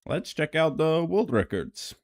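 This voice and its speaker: A man's voice: a little high, sing-song, measured pace. A man casually commenting on racing game records on a live stream, rambling with many fillers and an occasional cough. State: coughing now and then.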